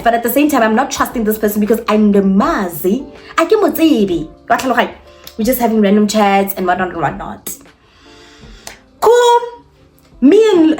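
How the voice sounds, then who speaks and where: Young South African woman, storytime vlogger, animated and chatty, slightly high voice. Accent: South African, mixing in Setswana. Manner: animated, chatty, code-switching, addresses viewers directly. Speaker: YouTuber. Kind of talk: storytime vlog.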